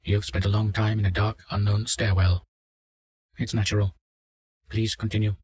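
A measured, clinical research doctor, played by a man in an audio drama. His voice is slightly low and husky. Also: little pitch movement, a little mellow, natural voice. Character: calm male research doctor at control.

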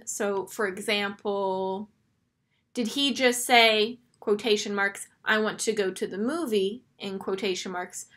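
A woman's voice: a little high, a bit bright. A woman teaching a grammar lesson, patiently walking through each step over a screen recording.

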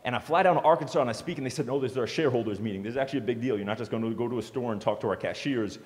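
A man giving a storytelling speech to an audience as a motivational speaker, animated and joking. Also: medium pitch, very fast. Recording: long hall reverb.

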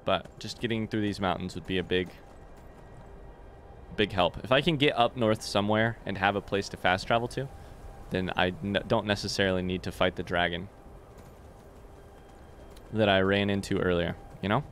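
A man's voice: low-pitched, moderate pace, long pauses, slight background noise. A man giving casual gameplay commentary, swearing freely and talking back to the characters on screen. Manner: animated, swears often, talks to game characters. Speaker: let's play gamer.

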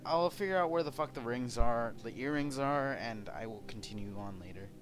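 A man's voice: medium pitch, moderate pace, a little hiss or hum. A young man from California, commenting casually on a video game, rambling with many fillers, restarts and casual swearing. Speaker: let's play host.

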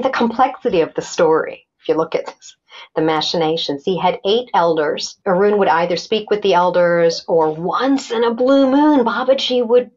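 A woman's voice: mid-range voice, husky, muffled recording. A middle-aged woman recounting a personal story as a podcast guest, animatedly acting out quoted dialogue with many restarts.

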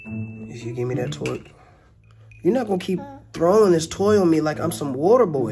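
Low-voiced slangy woman vlogger. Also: lively intonation, moderate pace, long pauses, music in the background. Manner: slangy, joking, rambling chatter. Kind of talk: casual home vlog.

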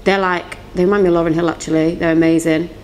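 A young woman with a London accent, a singer and songwriter chatting as an interview guest, quick-talking and giggly. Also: fairly low pitch, level tone, slight background noise. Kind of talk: casual interview chat.

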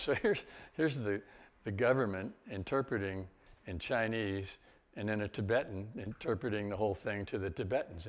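An older man, a guest speaker, telling travel stories in a loose, rambling way with chuckles and restarts. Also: on the low side. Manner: rambling, with laughs and many restarts. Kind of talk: storytelling talk.

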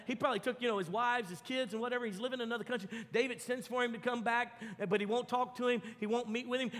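High bright voiced pastor guy preaching, acts out the characters, church hall echo. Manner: animated storytelling, acts out voices. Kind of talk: sermon.

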